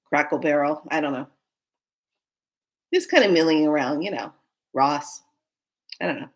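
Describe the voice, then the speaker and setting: A woman vlogger telling a story in a casual way, animated and often breaking into laughter. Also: low voice, normal speed.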